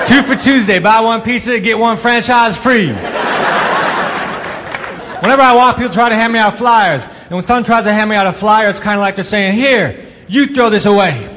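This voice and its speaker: A male stand-up comedian delivering dry, deadpan one-liners, recorded live at a club with the audience heard. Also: high-pitched, normal speed, long pauses, big-room sound, noisy background. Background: audience laughter.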